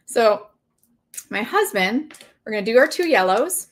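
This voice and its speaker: A woman's voice: medium pitch, big pitch swings, moderate pace, long pauses, fairly bright tone, a little hiss or hum. Chatty woman telling a story while crafting. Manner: chatty storytelling, reads viewer comments aloud. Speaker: craft livestream host. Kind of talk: casual chat while crafting.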